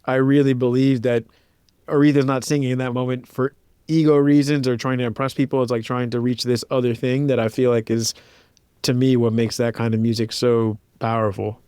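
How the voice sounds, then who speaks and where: A man's voice: mid-range voice, darkish tone, smooth, no room sound, clean studio sound. A man in his thirties, a composer and pianist being interviewed, telling stories in a casual, reflective way and filling his speech with "like". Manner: casual, reflective, many "like" fillers, acts out quoted voices. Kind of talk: relaxed interview storytelling.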